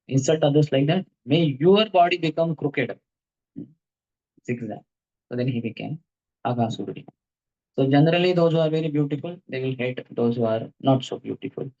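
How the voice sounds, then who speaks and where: Male monk lecturing, mellow tone, dull lo-fi recording, storytelling with chuckles. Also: mid-range voice. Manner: storytelling, chuckles, rhetorical questions. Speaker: monk giving a lecture to students. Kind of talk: devotional lecture.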